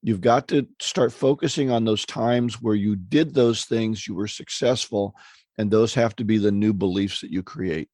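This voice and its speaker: A man co-hosting a sales podcast in casual conversation, dropping wry jokes and quick asides. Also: on the low side, darkish tone, no echo, studio quality. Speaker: podcast co-host, speaking trainer.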